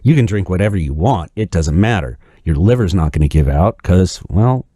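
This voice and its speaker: A man's voice: deep voice, animated, moderate pace, mellow, dry recording, studio quality. A man telling a joke as a smug salesman Satan. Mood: smug pitching. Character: smug male Satan listing hell's pleasures.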